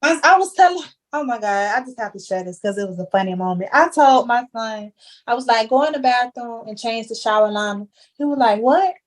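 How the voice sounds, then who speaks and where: A woman's voice: fairly high pitch, fairly quick. Joking Southern woman in her thirties. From Jacksonville, Florida. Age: 30s. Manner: joking, animated storytelling. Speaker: podcast guest. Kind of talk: casual chat.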